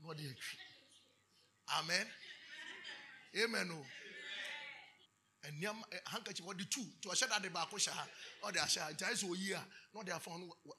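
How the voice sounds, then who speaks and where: A man with a Ghanaian English accent preaching a sermon, moving between chanted shouted declarations and quiet storytelling. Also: high-pitched, moderate pace, long pauses, a little hiss or hum.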